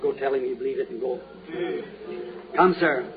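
A man's voice: medium pitch, moderate pace, over music. A man preaching a healing revival sermon, fervently putting questions to the crowd again and again. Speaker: evangelist preacher. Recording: tinny lo-fi old tape.

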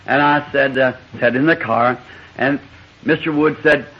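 A Southern US preacher with a mid-range, slightly rough voice and a steady tone tells a rambling, folksy anecdote during his sermon, unhurried and chuckling along the way. The recording is a muffled, lo-fi old tape.

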